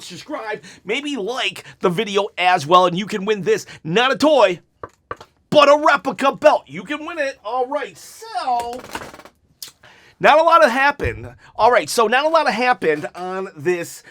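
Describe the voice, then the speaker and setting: A man casually recapping a wrestling show in a one-take vlog, animated and rambling, with asides where he acts out the wrestlers' lines. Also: high-pitched. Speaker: wrestling commentary youtuber.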